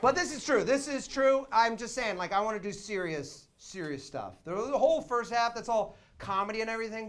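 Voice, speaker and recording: A young man doing live stand-up storytelling on a theater stage, dropping to quiet asides and then breaking into shouted, laughing excitement. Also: high-pitched, fairly quick, hardly any pauses. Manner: laughs while talking. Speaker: stand-up comedian.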